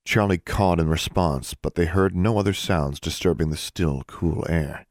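A man narrating a fantasy audiobook in a measured, expressive reading. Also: low-pitched, no room sound, clean studio sound. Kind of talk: scripted narration.

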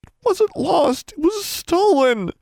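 Guy putting on a high whiny voice for a spoiled girl begging, near tears, storybook read, dry close sound. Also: expressive, slow pace, vocal fry, darkish tone, no room sound, heavily acted. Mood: pleading, desperate. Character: spoiled desperate young woman, pleading and whiny. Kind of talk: audiobook character voice.

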